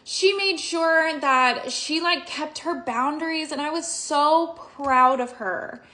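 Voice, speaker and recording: Young female booktuber, high bright voice, emotional and gushing, casual swearing. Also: slow. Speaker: book reviewer. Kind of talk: casual book review vlog.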